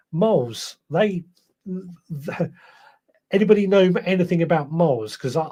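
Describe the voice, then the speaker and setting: The voice is on the high side and mellow: a podcast host going through viewer comments on his live stream. Somewhat tired, he's chatty, rambling and prone to self-correction.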